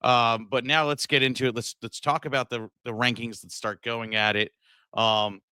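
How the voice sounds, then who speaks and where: A man's voice: mid-range voice, little pitch movement, moderate pace, sharp tone, smooth, dry recording, studio quality. A man co-hosting a sports podcast in loose, joking casual chat with plenty of fillers. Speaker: podcast co-host.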